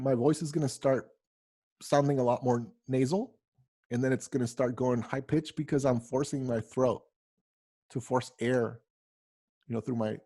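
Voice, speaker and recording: A man's voice: mid-range voice, mellow, slightly rough, no echo. A man who is a speaking coach, teaching a virtual workshop in a conversational way, with frequent fillers and restarts. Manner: conversational, many fillers and repeated words. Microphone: video call.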